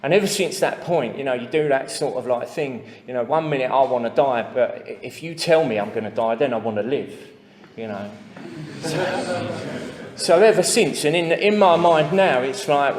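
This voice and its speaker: A man's voice: medium pitch, moderate pace, a little mellow. English man telling his recovery story, plain talk, lots of fillers, echoey hall with long reverb. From England. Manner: plain-spoken, many fillers and asides. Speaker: speaker sharing recovery story. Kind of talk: personal testimony to a recovery meeting.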